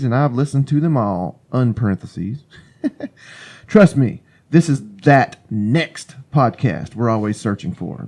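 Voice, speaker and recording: A man's voice: mid-range voice, darkish tone. A man co-hosting a true crime podcast, reading listener reviews and trading wry, sometimes profane jokes. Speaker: podcast co-host. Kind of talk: casual podcast chat and intro narration.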